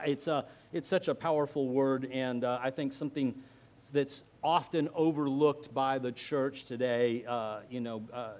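A man in his fifties or sixties preaching a live church sermon, conversational and halting, full of fillers and restarts. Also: medium pitch, a little mellow. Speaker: pastor.

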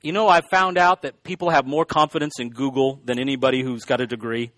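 A man's voice: medium pitch, fairly even intonation, fast, a bit bright, dry recording. A man preaching a sermon in a conversational way, full of asides and restarts. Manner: conversational, self-deprecating asides, frequent restarts. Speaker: pastor.

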